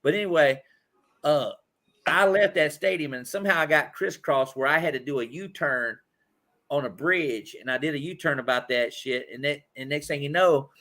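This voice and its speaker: A man's voice: a little high, normal speed, pushed and bright. A man from Indianapolis hosting a podcast, telling rambling, profane sports stories in casual chat. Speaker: podcast host.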